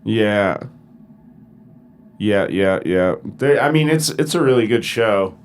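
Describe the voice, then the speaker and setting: A man's voice: fairly low pitch, lively intonation, slow pace, smooth. A man, a comedian co-hosting a podcast, chatting in a laid-back, profane, self-deprecating way. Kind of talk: casual chat.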